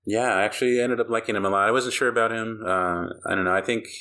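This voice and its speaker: Deep-voiced man rambling on a podcast. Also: fast. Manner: rambling, animated, laughs often. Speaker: podcast host. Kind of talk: casual chat.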